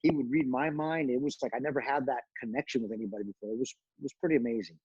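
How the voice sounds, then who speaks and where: A middle-aged man telling backstage stories in a slightly husky voice at an average pitch. He recounts them with lively energy, acting out the voices of the people he quotes. The recording is dry and a little dull, as if from a close podcast mic. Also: rapid-fire, no echo. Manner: animated storyteller, acts out quoted voices, many fillers. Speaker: guest, retired pro wrestler. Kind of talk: casual storytelling interview.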